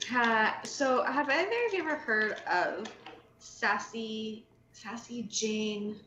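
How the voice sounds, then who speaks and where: A woman's voice: on the high side, slow pace, bright, forceful tone, a little hiss or hum. A woman playing a tabletop game, bubbly and rambling, full of "like". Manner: bubbly, rambling with many likes. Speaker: player. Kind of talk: casual tabletop role-play. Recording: roomy, dull lo-fi sound.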